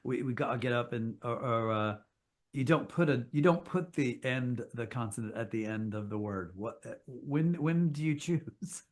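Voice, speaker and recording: A middle-aged man with a Kentucky accent, talking as a guest on a podcast. He tells his stories with gusto and swears without a second thought. His voice sits at an ordinary pitch for a man. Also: moderate pace. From Kentucky, USA. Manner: animated storytelling with frequent swearing. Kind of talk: casual interview chat.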